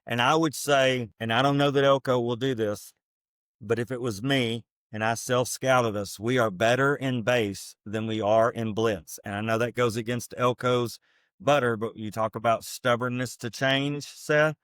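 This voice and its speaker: A man's voice: medium pitch, fairly even intonation, normal speed, a bit bright, clear, resonant tone, no echo, clean studio sound. A man, a former football coach co-hosting a podcast, breaking down defense in an earnest, emphatic, coach-like way. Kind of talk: casual football analysis chat.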